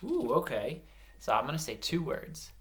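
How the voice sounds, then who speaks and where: A man's voice: fairly high pitch, wildly swooping pitch, moderate pace. A male teacher leading an early-grade reading lesson for children, spelling words out letter by letter and chanting rhymes as he claps out syllables.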